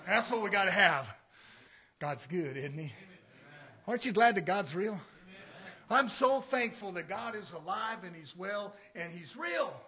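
High, bright-voiced fiery male preacher. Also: lively intonation, measured pace, long pauses. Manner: fiery preaching, swings from shouting to near-whisper. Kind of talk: sermon.

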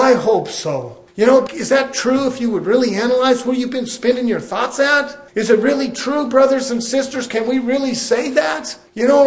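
A man preaching a fiery sermon, asking rhetorical questions and swinging between loud declarations and hushed warnings. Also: high-pitched. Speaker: pastor.

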